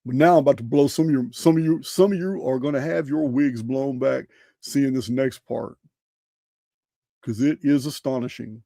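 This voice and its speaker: A man's voice: medium pitch, moderate pace, vocal fry, dark tone, dry recording, clean studio sound. A man hosting a show, talking casually over slides, emphatic and full of rhetorical questions, often restarting his phrases. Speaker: host presenting slides.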